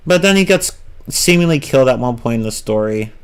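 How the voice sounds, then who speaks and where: A man's voice: medium pitch, expressive, brisk, clean tone. Rambling young man reviewing films. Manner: rambling, restarts often, reads chat, swears casually. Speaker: livestream host reviewing films.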